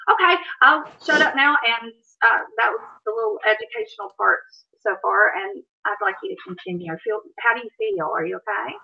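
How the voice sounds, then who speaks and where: A woman hosting a live stream, calmly explaining and coaching her guest. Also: fairly high pitch, a little fast, vocal fry, few pauses, lo-fi sound. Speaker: stream host and counselor. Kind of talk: educational live-stream talk.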